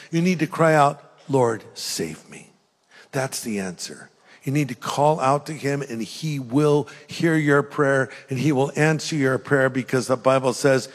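An older man preaching an earnest sermon as pastor, rising to fervent emphasis. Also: mid-range voice. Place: large church hall. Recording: long hall reverb.

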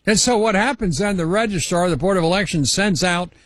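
A man hosting a talk radio show, asking rambling, halting lead-in questions. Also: sits high, no echo.

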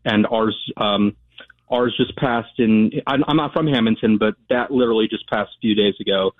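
Man, agreeable co-host, low voice, phone-line sound. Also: normal speed, no echo. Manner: agreeable, brief replies. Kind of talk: casual chat.

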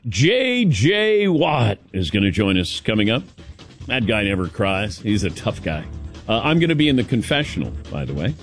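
A man's voice: fairly low pitch, sing-song, moderate pace, faint music behind. A man hosting a talk radio show, chatting casually with his co-hosts and taking calls from listeners. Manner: warm storytelling, takes callers.

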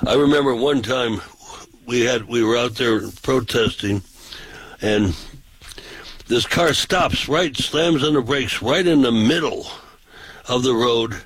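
A man's voice: medium pitch, slow pace, long pauses, slightly rough, no echo, rough recording. A man, a pastor, telling folksy, rambling anecdotes in casual talk-show style.

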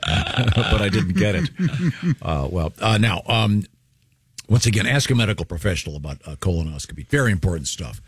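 Low-voiced folksy male host. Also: slightly rough, no echo. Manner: folksy, rambling with fillers. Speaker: radio host. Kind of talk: casual studio chat.

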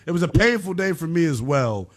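Fired-up guy hosting sports talk radio, slangy, voice jumps all over, kinda high. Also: a little fast. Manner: animated, ranting, slangy.

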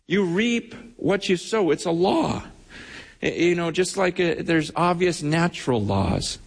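Man, pastor, fervent sermon delivery, quick repeated words, high-pitched voice, hall reverb. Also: animated, creaky, slightly rough. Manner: impassioned, repeats words, acts out quoted voices.

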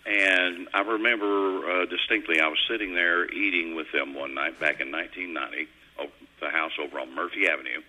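A man's voice: low-pitched, brisk, pushed and bright, poor audio. A middle-aged man, hosting a radio show in a folksy, rambling storytelling way. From Kentucky. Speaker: radio host. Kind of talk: casual on-air chat. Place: radio studio.

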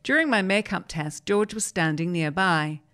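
Low-voiced woman reading aloud. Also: lively intonation, moderate pace, a bit bright. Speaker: radio reader.

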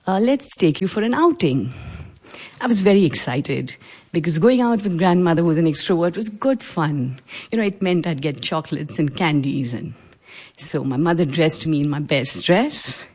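A woman's voice: fairly low pitch, darkish tone. Earnest middle-aged woman from India. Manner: measured, earnest, with pauses. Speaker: storyteller. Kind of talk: live personal storytelling. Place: stage before a live audience.

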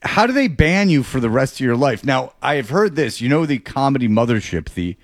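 A man's voice: medium pitch, sing-song, a little fast, no room sound. A male sports radio host in casual studio talk, rambling and sarcastic, often restarting his sentences.

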